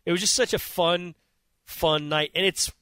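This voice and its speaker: A man's voice: sits high, normal speed, sharp tone, clear, resonant tone, no room sound. A man co-hosting a casual sports chat, reflective and adding context. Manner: reflective, adds context and history.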